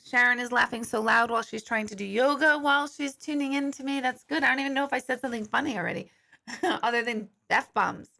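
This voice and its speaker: A woman's voice: a little high, a little fast, vocal fry, bright, forceful tone. A middle-aged woman, a psychic medium, talking casually and bluntly on a livestream, swearing freely and greeting viewers by name.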